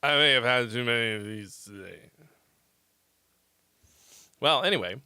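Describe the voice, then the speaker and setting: A man's voice: medium pitch, measured pace, bright, forceful tone, clear, resonant tone, no echo, clean studio sound. A man hosting a song-feedback livestream in a rambling, profane, joking casual chat. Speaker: host giving song feedback.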